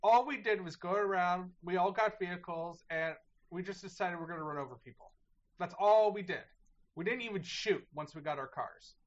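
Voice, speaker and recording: A man on a games podcast, earnestly laying out why he likes what he plays. His voice is a little high and comes through muffled and lo-fi. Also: normal speed. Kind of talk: casual podcast chat.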